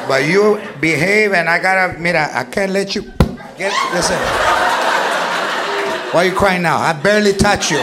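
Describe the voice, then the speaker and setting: A man's voice: high-pitched, very noisy. A man doing a fierce grandma scolding a kid. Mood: threatening. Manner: scolding, mixes Spanish into English. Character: strict old Mexican grandmother scolding a child. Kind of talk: stand-up act-out. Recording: live club with loud audience laughter.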